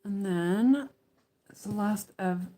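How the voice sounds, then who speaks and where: A woman's voice: medium pitch, takes it slowly, mellow. A woman chatting casually at home as she stitches, rambling with many fillers and restarts and muttering to herself as she checks her work. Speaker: cross-stitch vlogger. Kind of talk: casual chat while stitching.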